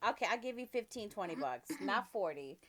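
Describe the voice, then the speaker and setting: A woman's voice: mid-range voice, expressive, brisk. A woman in her thirties co-hosting a podcast, trading teasing jokes in casual chat. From Springfield, Massachusetts. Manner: teasing, joking banter. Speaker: podcast co-host.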